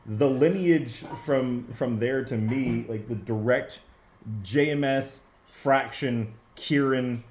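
A man speaking as a comic book writer guest in a casual interview, excitable and profane, with lots of restarts. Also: mid-range voice, slow pace. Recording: roomy echo.

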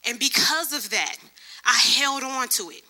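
Bright high-voiced woman preaching. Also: a little slow. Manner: lively storytelling, acts out other people's voices. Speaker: church speaker. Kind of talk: sermon testimony.

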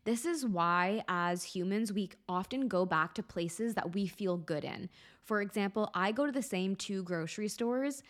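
A woman's voice: medium pitch, moderate pace. A young woman hosting a solo podcast about life purpose, chatting casually and emotionally, close to tears, with lots of "like" and frequent swearing.

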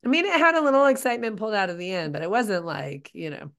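A woman co-hosts a podcast in loose, casual talk. She sounds animated and often stops and restarts mid-thought. Her pitch sits in the middle of the range. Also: quick pace. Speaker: podcast co-host. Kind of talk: casual chat.

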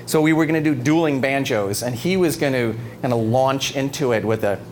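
Brisk and mid-range in pitch, a middle-aged man entertains an audience at an evening talk with funny stories. He's animated, laughs frequently, and performs quotes, all captured in a noisy live recording with background noise.

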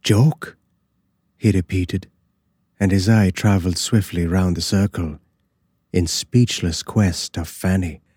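A man slowly narrating a classic horror story in a measured, dramatic way. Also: low voice, fairly even intonation, darkish tone, husky, dry recording, studio quality.

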